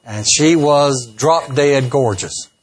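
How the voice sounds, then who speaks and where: A man's voice: mid-range voice, slow pace. A man, a pastor telling jokes and folksy stories in a sermon. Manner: folksy, joking, acts out quoted voices. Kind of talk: humorous sermon storytelling.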